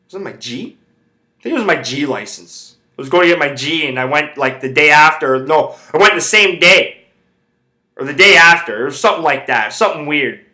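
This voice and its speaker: Man, bright and forceful tone, slightly high voice, profane rambling rant. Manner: rambling, heavy swearing. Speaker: podcast host. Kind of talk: casual storytelling rant.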